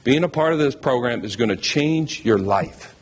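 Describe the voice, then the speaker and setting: A man's voice: mid-range voice, expressive, moderate pace, slight background noise. A man speaking as a new head basketball coach at a press conference, heartfelt, emotional and thankful.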